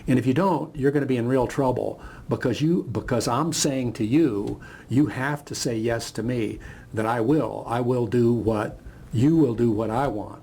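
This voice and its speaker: A massive, mean dragon gives orders in a bossy, threatening tone, as a man puts him on. His voice is gravelly. The pitch sits in the middle. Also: normal speed, dark tone, slight background noise, lightly acted. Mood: domineering.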